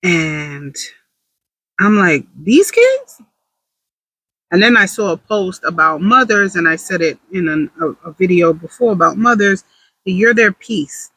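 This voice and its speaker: A woman's voice: lowish voice, moderate pace, pushed and bright, slightly rough, no room sound, rough recording. A woman talking candidly to camera in a casual confessional vlog, rambling with self-deprecating humor. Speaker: vlogger.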